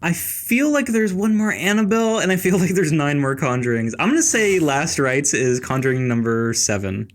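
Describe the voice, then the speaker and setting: Young male podcast host, slightly higher voice, loose rambling film chat. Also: animated, moderate pace, hardly any pauses. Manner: loose, chatty, trails off with filler words.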